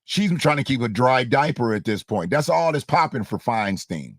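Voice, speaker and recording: A man's voice: medium pitch, animated, moderate pace, no room sound. Guy ranting about politics, slangy and mocking, repeats himself a lot, dry close sound. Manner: blunt, slangy, mocking, laughs at own jokes; repeats phrases for emphasis. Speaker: host. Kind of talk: casual political commentary.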